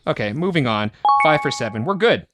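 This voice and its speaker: A man co-hosting a casual podcast chat, animated and quick to joke. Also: medium pitch, heavy background noise. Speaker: podcast co-host.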